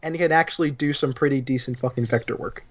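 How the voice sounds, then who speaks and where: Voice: medium pitch, fast, highs cut off, a crowd in the background. A stream host chatting casually with guests, blunt and crude in a joking way. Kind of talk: casual group chat on a stream.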